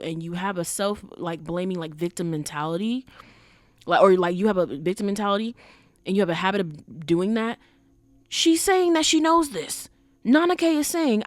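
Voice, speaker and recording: A woman hosting a podcast speaks at a mid pitch in casual, animated commentary. She punches her points with rhetorical questions and fillers like "like" and "you know." The sound is dry and close to the mic, with no room around it. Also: normal speed, dry recording. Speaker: podcast host.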